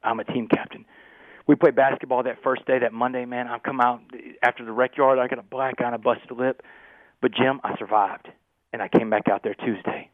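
A man telling a gripping personal story as a podcast guest, animated and peppering his talk with "man". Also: medium pitch, no room sound. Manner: fast, animated storyteller, keeps saying "man". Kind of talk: storytelling interview. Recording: tinny phone-like line.

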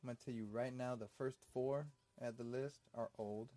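Man host, loud, profane, jokey, mid-pitched voice, casual chat at home. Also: steady tone, normal speed. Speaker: podcast host.

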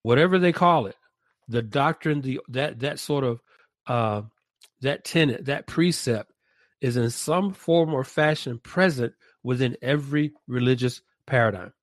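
A man talks through an idea in a reflective discussion, slowly building his argument and circling back to rephrase it. His voice sits in a middle register and comes across dry and close, with no room sound around it. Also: mid-range voice, no echo. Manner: deliberate, restates and rephrases his points.

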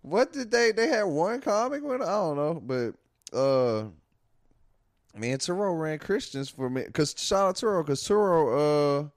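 A man's voice: on the high side, expressive, unhurried, no room sound, studio quality. A man, a comedian who hosts an open mic, talking in a laid-back, rambling way and laughing a lot. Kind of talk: casual chat.

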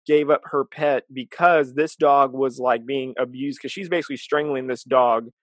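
A man in an easygoing conversation, explaining events earnestly with frequent fillers. His pitch is medium. The recording is dry and close. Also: fairly even intonation, normal speed, dry recording. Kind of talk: casual chat.

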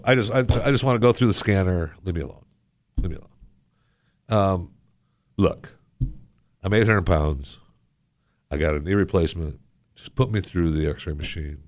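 A male radio host ranting sarcastically in a talk show monologue, with loud exasperated bursts. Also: sits low, no echo, clean studio sound.

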